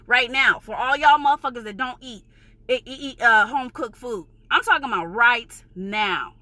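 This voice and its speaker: A woman's voice: on the high side, moderate pace, sharp tone, dry recording. A woman from New York with a New York accent, ranting in a vlog, heated, emphatic and profane, insisting she is passionate, not angry. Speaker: vlogger.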